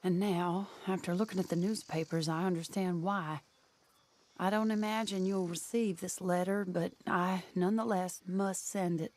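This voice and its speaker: A woman acting a gentle, heartbroken woman who reads her farewell letter aloud in a tender, sorrowful, measured way for a video game. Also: fairly low pitch, steady tone, close to an everyday voice.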